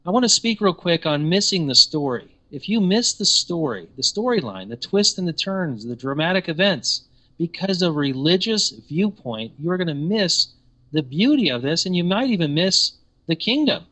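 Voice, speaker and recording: Male teacher, sermon delivery, emphatic questioning, a bit higher pitch. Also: big pitch swings, normal speed, fairly bright tone.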